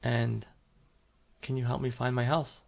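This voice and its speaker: A man's voice: medium pitch, level tone, unhurried, creaky. A man voicing a four-year-old girl in a children's story, raising his voice to sound small, pleading and scared. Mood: scared, crying. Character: little girl of four, sweet and frightened.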